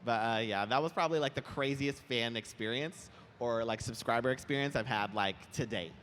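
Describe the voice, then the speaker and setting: A young man chatting as an interview guest on a convention stage, animated and quick to laugh, telling his stories with lively put-on voices. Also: mid-range voice, slight background noise. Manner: animated, giggly, lively storytelling. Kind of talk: casual chat on stage. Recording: roomy hall with faint ambience.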